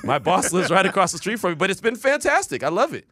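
Lively, bright-voiced male sports radio host. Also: high voice, fast, dry recording, studio quality. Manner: animated storyteller, shouts quoted voices. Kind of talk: casual sports talk radio chat.

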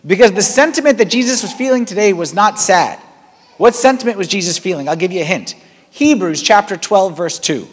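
A man, a priest giving a conversational, animated sermon. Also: high voice, a little fast, breathy edge. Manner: conversational, animated preaching with rising emphasis. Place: large church hall. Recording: long church reverb.

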